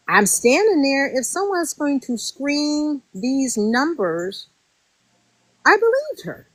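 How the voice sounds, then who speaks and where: Former reality contestant, woman, higher voice, close dry mic, animated and aggrieved. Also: takes it slowly, no echo, low-quality recording. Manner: animated and indignant, acts out quotes. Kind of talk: casual interview storytelling.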